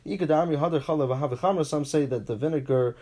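A man teaching a Talmud class, reading each line and paraphrasing it in English, animated, with frequent restarts. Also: quick pace. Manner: animated, pitch jumps for emphasis.

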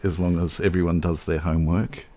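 A man with a very deep, low voice co-hosts a film podcast. He chats casually and pokes fun at himself, restarting and repeating words as he goes. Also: fairly even intonation, fairly quick, heavy background noise. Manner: chatty, self-deprecating, repeats words. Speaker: podcast co-host.

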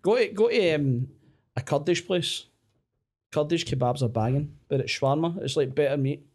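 A man's voice: fairly high pitch, moderate pace, a little mellow. A man with a Scottish accent, chatting and teasing as a podcast co-host, swearing freely. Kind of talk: casual chat.

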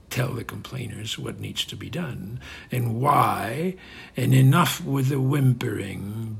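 A gravelly, husky-voiced strongman dictator, as a man puts him on gloats in a satirical monologue. He boasts and sneers, often sinking into a rasping whisper. His voice is rough and breathy all through. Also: mid-range voice, fairly bright tone, heavily acted. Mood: contemptuous. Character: gloating ruthless male strongman leader, boastful.

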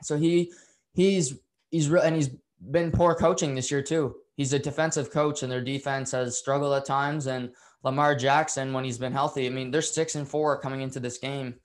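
A man's voice: mid-range voice, fairly even intonation, normal speed. A man giving an unscripted, opinionated recap of a football game, rambling with fillers and restarts and getting heated over calls he dislikes. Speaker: football commentator.

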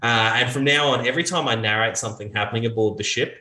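Bright-voiced man running a tabletop game. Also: mid-range voice, fast talker, roomy sound. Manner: narrates with many fillers and restarts. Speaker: game master.

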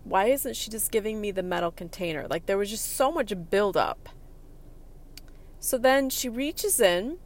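Animated middle-aged woman telling a story. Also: on the high side. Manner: animated, with many fillers and restarts. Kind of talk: personal anecdote storytelling.

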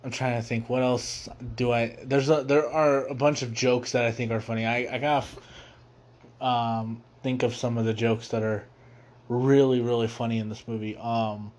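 A man's voice: medium pitch, level tone, darkish tone. A young man hosting a movie review show, rambling casually with many fillers and restarts, laughing as he quotes scenes. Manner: laughs easily, quotes scenes in quick put-on voices.

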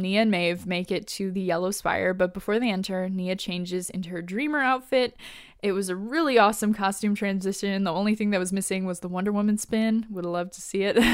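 Lady podcast host doing a chatty episode recap, animated, laughs a lot, smooth voice, dry close mic. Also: medium pitch, no room sound. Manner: animated, laughs often, casual swearing.

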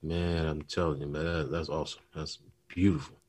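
A man co-hosting a casual talk show, telling a story with animated retellings and acted-out lines. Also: a bass voice, a little fast. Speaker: podcast co-host. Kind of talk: casual chat.

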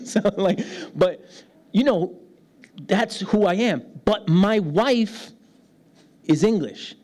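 A high-pitched pastor from New York City, United States, with a New York accent preaches a lively sermon. He laughs often and acts out the voices of people he quotes.

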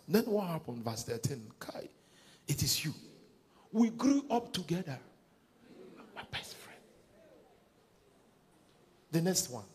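A man's voice: mid-range voice, big pitch swings, measured pace, long pauses, darkish tone, slightly rough. A male pastor with a Nigerian accent preaching a sermon, leading his congregation in reading scripture aloud and retelling a counselling story.

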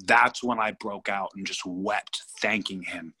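A man in his thirties from California, telling a personal story as a guest in a casual interview, animated, blunt and profane, often repeating himself. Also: fairly low pitch, measured pace, slight background noise. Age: 30s.

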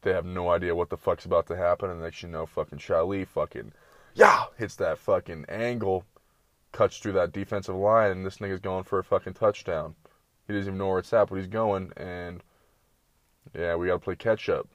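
A young man with a deep, low voice tells a loose, profanity-laced story and drifts from tangent to tangent. His delivery is slangy and casual, like a late-night ramble. The recording is dry and close. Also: steady tone, normal speed, a bit bright, no room sound, dull audio.

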